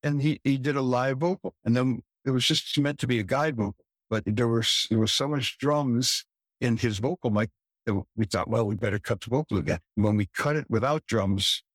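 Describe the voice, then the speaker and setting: Husky man reflecting on sessions. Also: mid-range voice, normal speed, no room sound, studio quality. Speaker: guest, record producer. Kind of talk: casual interview.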